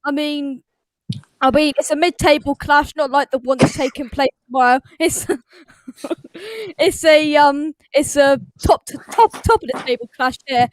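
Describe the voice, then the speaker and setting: High-pitched man, host, rambling, filler-heavy, dry sound. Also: fairly even intonation, a little slow, dry recording, low-quality recording. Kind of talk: casual livestream chat.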